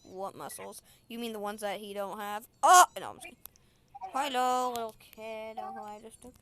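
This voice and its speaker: A woman giving casual game commentary, excitable, shrieking and giggling as she plays. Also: on the high side, normal speed. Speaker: gamer. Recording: loud background noise.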